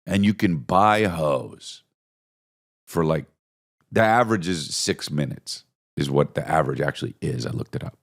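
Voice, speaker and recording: A man hosting a podcast, telling crude, animated comedic stories and riffing with lots of profanity. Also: a bass voice, normal speed, creaky. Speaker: podcast host. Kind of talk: comedic storytelling monologue.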